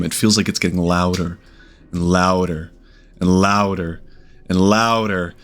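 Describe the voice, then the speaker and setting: A man's voice: sits low, steady tone, a little slow, fairly bright tone, faint music behind. A man running a tabletop game as game master, narrating in a hesitant, trailing way with many fillers.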